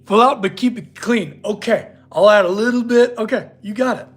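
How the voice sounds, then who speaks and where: Husky-voiced man chatting casually. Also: high-pitched, normal speed. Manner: chatty, answers viewer questions, talks to his dog. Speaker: blacksmith livestream host. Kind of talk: casual livestream chat. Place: his workshop.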